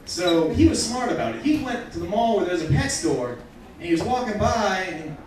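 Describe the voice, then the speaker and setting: A man's voice: high-pitched, moderate pace. A young man doing a stand-up comedy set in a bar, telling crude jokes with brash punchlines. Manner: crude, brash punchlines with lively swings in loudness. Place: bar venue with a live audience. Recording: echoey bar room, distant mic, crowd noise. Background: crowd reactions.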